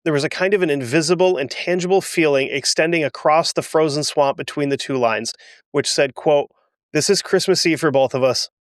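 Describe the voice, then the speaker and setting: A man's voice: on the high side, a little fast, no echo, clean studio sound. A man hosting a history podcast, reading aloud a first-hand wartime account and breaking off for emotional, self-deprecating asides. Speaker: podcast host.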